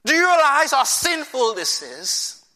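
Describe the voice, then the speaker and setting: A man's voice: very high voice, sing-song, a little slow, pushed and bright, long reverb tail. A man preaching a sermon with emphasis, often putting rhetorical questions to his listeners.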